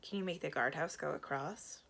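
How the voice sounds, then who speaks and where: A woman's voice: sits low, normal speed, gravelly, a bit bright, husky, exaggerated voice. A woman voicing a curious, nervous but brave young boy in a storybook read-aloud, asking eager questions.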